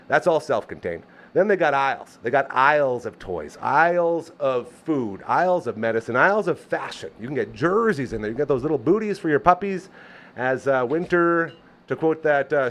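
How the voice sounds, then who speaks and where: An upbeat man hosting a live show from a small studio, his voice swinging widely in pitch. He reads a sponsor spot with playful asides and jokes. He sounds like an animated, enthusiastic pitchman. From Canada. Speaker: host. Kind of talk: live show ad read and chat.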